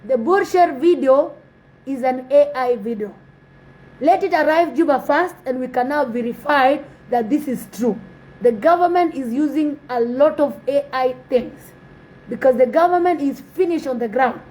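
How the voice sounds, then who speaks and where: A woman's voice: high-pitched, normal speed, a little mellow, low-quality recording. A woman giving an impassioned spoken address to her community, pleading and exhorting with repeated phrases. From South Sudan.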